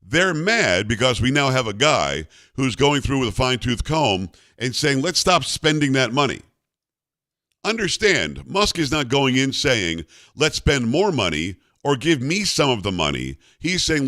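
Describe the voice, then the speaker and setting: A man's voice: mid-range voice, big pitch swings, measured pace, bright, forceful tone, no echo, studio quality. A man hosting a political talk radio show, delivering a blunt, combative monologue with a mocking edge and his own ad reads.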